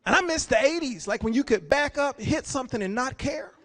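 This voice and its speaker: High-voiced chatty stand-up comic. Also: male voice, expressive, fairly quick, a bit bright. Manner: casual, chatty, repeats words. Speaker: stand-up comedian. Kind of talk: live stand-up set. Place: gala banquet hall with an audience.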